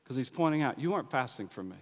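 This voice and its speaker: A man's voice: mid-range voice, animated, rapid-fire. A man preaching a sermon in a loose, conversational way, acting out bits of dialogue. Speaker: pastor. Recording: long hall reverb.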